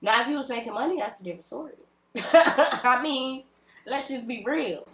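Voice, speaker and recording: A woman's voice: high-pitched, expressive, moderate pace, a crowd in the background. Blunt, profane woman ranting at the camera. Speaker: vlogger. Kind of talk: ranting direct-to-camera vlog. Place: at home. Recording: echoey room.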